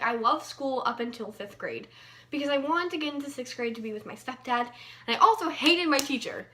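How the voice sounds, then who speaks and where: A woman's voice: sits high, a bit bright. A young woman vlogger casually telling a personal story, chatty, with lots of fillers and playful emphasis.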